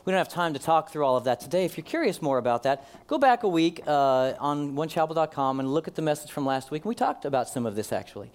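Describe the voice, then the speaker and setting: A man's voice: fairly high pitch, big pitch swings, quick pace, few pauses. A man preaching a sermon to his congregation in a conversational way, with ums and uhs. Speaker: pastor.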